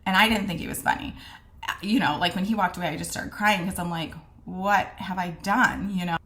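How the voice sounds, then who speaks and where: Here the diagnosis-story vlogger talks quickly in a lowish, steady, slightly bright voice. She chats frankly to camera, re-enacting remembered exchanges in quoted lines, with some mild cursing and many fillers along the way.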